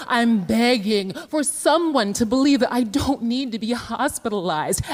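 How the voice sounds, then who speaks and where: A woman earnestly telling her own life story in the first person, her voice emotional and her pace shifting. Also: high voice.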